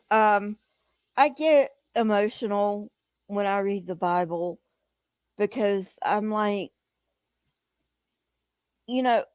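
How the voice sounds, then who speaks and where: A woman's voice: medium pitch, darkish tone, smooth, dry recording. A woman hosting a casual livestream, talking to her chat in an emphatic, profane, agitated way. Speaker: livestream host reading chat.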